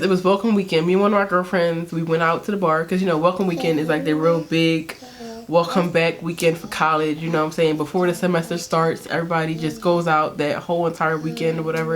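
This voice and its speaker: A young woman casually telling a candid, sarcastic story to camera, laughing often and using slang. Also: sits low. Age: young adult. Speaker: beauty vlogger telling a story.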